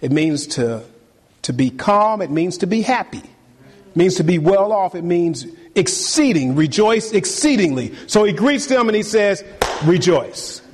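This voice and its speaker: A male pastor preaching a sermon to his congregation, animated and repetitive, leaning hard on key words. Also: high voice, measured pace, in a large hall, slight background noise. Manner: animated preaching, repeats phrases, talks to the congregation. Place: church sanctuary.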